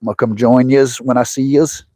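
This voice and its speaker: A man's voice: mid-range voice, steady tone, brisk, warm tone, no echo, clean studio sound. A man hosting a fishing livestream from a lake, chatting casually and rambling with folksy restarts. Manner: rambling and folksy, restarts words, speaks directly to viewers. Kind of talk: casual live chat while fishing. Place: lake outdoors.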